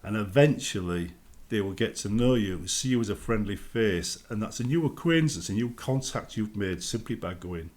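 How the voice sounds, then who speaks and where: A man's voice: fairly low pitch, animated, normal speed, a little mellow. A British man giving casual advice on a gaming vlog, chatty and acting out everyday greetings. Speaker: gaming vlogger.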